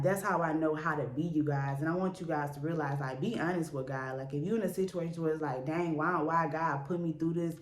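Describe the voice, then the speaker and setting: A woman's voice: low-pitched, a little mellow. A young woman telling her story to her viewers in an earnest, chatty way, full of "like" and "y'all". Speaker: vlogger. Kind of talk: casual candid storytelling to camera. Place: indoor room in a city. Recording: echoey room.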